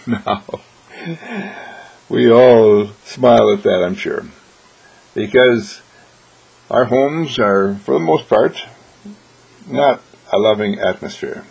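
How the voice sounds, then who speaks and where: A man's voice: on the low side, unhurried, gravelly, pauses often, a little mellow, slightly rough, poor audio. A man hosting an inspirational program, speaking in an earnest, preacherly way and acting out everyday exchanges to make his points. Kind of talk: inspirational radio talk.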